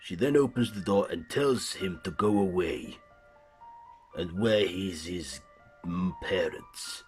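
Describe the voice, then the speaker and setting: A man hosting a horror channel, retelling a film's plot in plain, steady storytelling. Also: deep voice, slow, soft background music.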